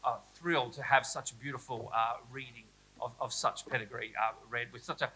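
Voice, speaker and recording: Bright-toned Australian man giving a playful keynote. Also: mid-range voice, steady tone, brisk, breathy edge, rough recording. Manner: playful, self-mocking, chatty with the audience. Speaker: keynote speaker at an educators conference. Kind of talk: humorous conference keynote. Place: school hall, live audience.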